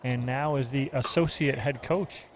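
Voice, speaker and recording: A man calling play-by-play on a pickleball match, giving scores and player background in a steady way. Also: medium pitch, unhurried, a little hiss or hum. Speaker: play-by-play commentator. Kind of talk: sports play-by-play commentary.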